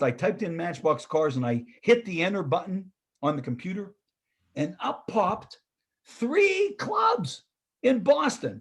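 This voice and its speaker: An older man presenting a talk, telling a story with lively, acted-out quoted dialogue and a husky voice. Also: fairly high pitch. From Pittsburgh, US.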